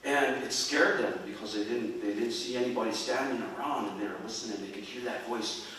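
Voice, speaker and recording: A man's voice: medium pitch, a little fast, fairly bright tone, slight background noise. A man telling stories on stage in a folksy, chuckling way, heard from a distance in a large, echoing hall. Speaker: storyteller and musician. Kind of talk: live stage storytelling. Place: performing arts center stage. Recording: echoey hall from far off.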